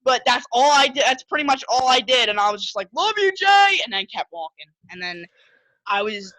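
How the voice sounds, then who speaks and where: A man telling an excited story as an interviewed concert fan, repeating words and acting out what he said. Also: extremely high pitch, fast talker, no echo, low-quality recording. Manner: breathless, repeats words, acts out his own quotes.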